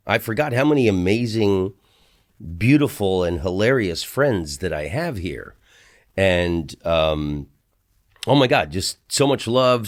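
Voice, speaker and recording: A middle-aged man from the United States hosting a podcast, telling rambling stories with asides and restarts from a hotel room. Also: low voice. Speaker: podcast host. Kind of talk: casual storytelling monologue.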